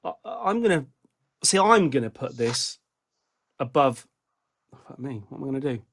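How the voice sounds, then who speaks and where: This co-host of a laid-back music podcast has a medium-pitched voice with vocal fry and sounds very animated at a normal speed. His music-review chat wanders, and he frequently starts over or corrects himself.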